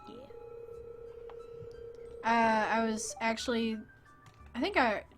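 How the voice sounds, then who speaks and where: A woman's voice: on the high side, slow, over music. A young woman streaming a farming game, chatting casually and self-mockingly, reading game lines aloud in goofy voices. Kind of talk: casual gameplay chat.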